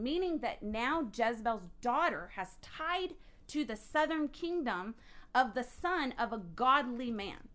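A woman teaching a Bible study in a chatty, animated way, reading scripture and adding her own asides. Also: a little high, measured pace.

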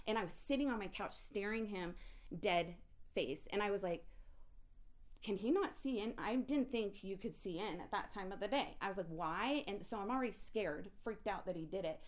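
A woman telling an emotional personal story in an intense, animated way, often restarting her sentences. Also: medium pitch.

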